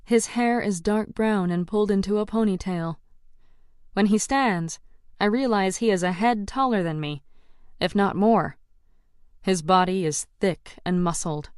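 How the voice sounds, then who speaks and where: A woman's voice: mid-range voice, unhurried, darkish tone, smooth, no room sound, studio quality. A woman narrating a first-person audiobook in a tense, dramatic storytelling manner.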